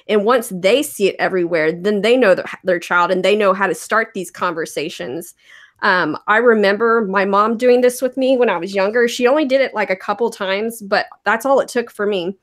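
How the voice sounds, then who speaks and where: A woman's voice: medium pitch, fairly bright tone. A woman guest in an interview, telling stories in an earnest, chatty way. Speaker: guest, ministry founder. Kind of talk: casual interview chat.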